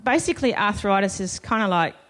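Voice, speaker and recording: Lively intonation and a slightly fast, a bit bright delivery mark this medium-pitched woman on a festival panel. She tells the live audience a personal story in a chatty, self-deprecating way, laughing as she goes.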